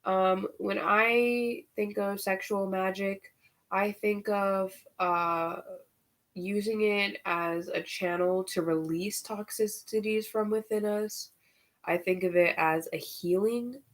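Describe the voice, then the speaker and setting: A woman giving a casual spiritual tarot reading, chatty and candid, swearing and using slang freely, and getting worked up over the cards. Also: on the low side. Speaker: tarot reader.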